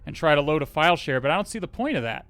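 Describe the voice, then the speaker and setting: A man's voice: fairly high pitch, very animated, racing, fairly bright tone, dry recording, soft background music. A man live-streaming a hacking session, talking to viewers in an exasperated way, swearing, sighing and restarting his sentences. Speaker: livestreamer.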